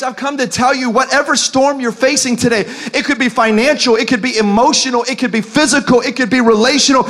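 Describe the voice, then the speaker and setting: A male pastor preaching a sermon to a church service, building to shouts and urging the congregation. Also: very high-pitched, fairly even intonation, quick pace, few pauses. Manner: preaching with rising shouts and call-and-response urging.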